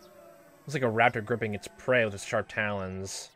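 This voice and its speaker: Narrating a let's play, this man reads a visual novel in a middling voice, stumbling into restarts and breaking off for laughing, joking asides. His voice sits lowish and steady with a fairly bright tone, at normal speed with no echo.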